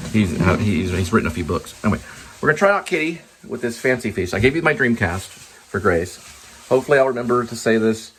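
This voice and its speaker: A man's voice: low voice, a little hiss or hum. A man rambling casually in a vlog, trailing off and talking to his cat as he goes. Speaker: vlogger.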